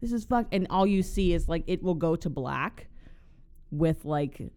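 Animated, swearing man on a podcast. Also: on the high side, unhurried, clear, resonant tone. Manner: animated, heavy swearing, lots of fillers. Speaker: podcast co-host. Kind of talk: casual chat, retelling a film scene.

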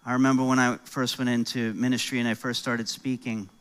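A man's voice: medium pitch, little pitch movement, a little fast, smooth. A middle-aged man from New York with an American accent, preaching a sermon as pastor in a conversational, joking way with rising emphasis.

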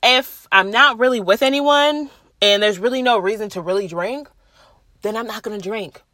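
A woman's voice: on the high side, normal speed, pushed and bright, no room sound. Blunt, foul-mouthed young woman ranting. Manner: blunt, profane, chatty rants; laughs at herself mid-sentence. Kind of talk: casual talk to camera.

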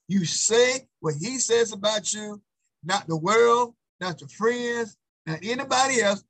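Husky high-voiced male preacher. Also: fairly bright tone, poor audio. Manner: emphatic, repetitive call-and-response preaching. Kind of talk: sermon.

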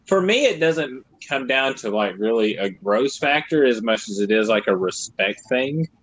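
A chatty man riffing in relaxed podcast banter, often breaking into laughter. His voice sits at an ordinary mid pitch. His delivery is loose and conversational. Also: normal speed, dry recording, low-quality recording. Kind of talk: casual comedic chat.

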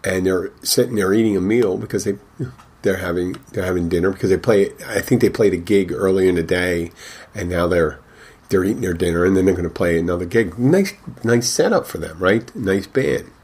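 A man with a very low, husky voice tells a long anecdote from behind the bar. He rambles and restarts, acting out the back-and-forth with customers in a casual, conversational way. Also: fairly quick, darkish tone. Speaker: bartender. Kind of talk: casual storytelling.

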